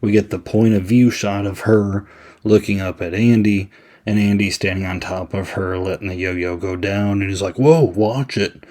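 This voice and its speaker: A man's voice: deep voice, little pitch movement, normal speed, darkish tone. A man hosting a podcast, giving a casual, chatty movie review with many "I mean"s. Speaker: podcast host.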